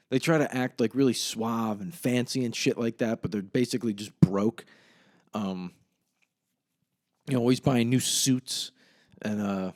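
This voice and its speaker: A man's voice: mid-range voice, a little mellow. Young guy podcasting solo, rambly and sweary, plain middle voice. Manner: rambling, profane, laughs at his own retelling. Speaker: podcast host. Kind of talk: casual solo podcast chat.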